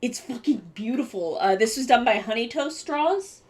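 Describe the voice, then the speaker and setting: A young adult woman chatting casually on a live stream, excitable and swearing, with bursts of gushing. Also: fairly high pitch, moderate pace.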